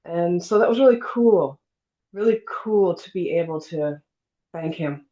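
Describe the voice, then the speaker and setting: A woman's voice: fairly low pitch, a little slow. Chatty woman telling her story. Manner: lively storyteller, acts out quoted dialogue, many fillers. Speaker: guest telling her near-death story. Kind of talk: casual storytelling interview. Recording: dull lo-fi sound.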